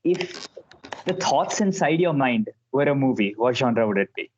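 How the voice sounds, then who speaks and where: Laid-back man hosting a quick-fire podcast. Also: medium pitch, dull audio, slight background noise. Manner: relaxed, laughs often, asks quick questions. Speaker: podcast host. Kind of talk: casual podcast chat.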